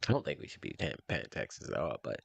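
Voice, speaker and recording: A man's voice: a bass voice, sing-song, fast talker, gravelly, a bit bright, breathy edge, dry recording. A man streaming a casual reaction to a speech, scoffing and sarcastic as he comments.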